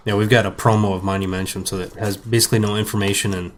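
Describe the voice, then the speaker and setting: A man co-hosting a casual music show, joking and quickly filling in facts. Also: lowish voice, little pitch movement, slight background noise. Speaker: podcast co-host.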